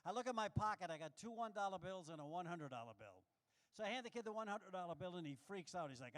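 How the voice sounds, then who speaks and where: Male stand-up from New York, high voice, brash self-deprecating club comic. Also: animated, fast, fairly bright tone. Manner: brash, self-mocking punchline delivery. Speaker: stand-up comedian. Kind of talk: stand-up comedy set. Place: live comedy showroom with audience.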